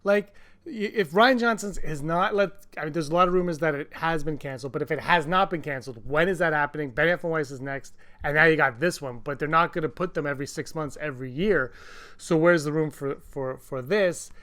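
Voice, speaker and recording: Guy cohosting a podcast, kinda high voice, gets worked up, keeps restarting sentences. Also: fairly quick. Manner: excitable, restarts often, acts out quotes in a raised voice. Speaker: podcast co-host. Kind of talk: casual podcast chat.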